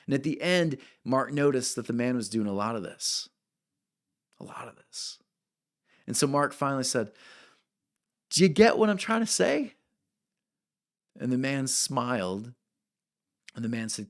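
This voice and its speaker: A man preaching a sermon as a pastor, talking in a conversational way and often checking in with "right?" between points. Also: mid-range voice.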